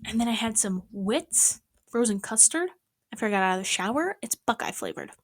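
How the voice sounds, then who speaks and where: A woman's voice: on the high side, fairly quick, dry recording, clean studio sound. A young woman chatting casually in a rambling vlog about her day, sometimes dropping to a whisper. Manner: rambling, animated, swings into whispers. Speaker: vlogger. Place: small apartment at night.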